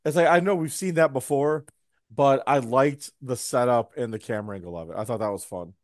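A man of middle pitch talking on a casual podcast in a wry, teasing way, dropping mocking asides. The recording is dry and close, with no room sound. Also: no room sound. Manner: wry, mocking asides with quick put-on voices. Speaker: podcast co-host. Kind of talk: casual wrestling podcast chat.

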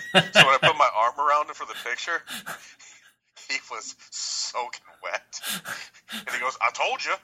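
Guy cohosting a podcast, bright forceful voice, tells stories all animated and laughs a lot. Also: mid-range voice, measured pace, long pauses, poor audio. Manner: excitable storyteller, acts out quotes, laughs often. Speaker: podcast co-host. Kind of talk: casual chat.

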